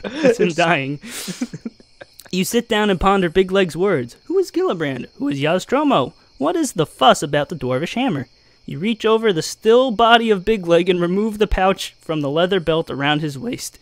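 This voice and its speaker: A man's voice: high voice, very animated, moderate pace, no room sound. A man reading an adventure gamebook aloud as game master, with jokey asides.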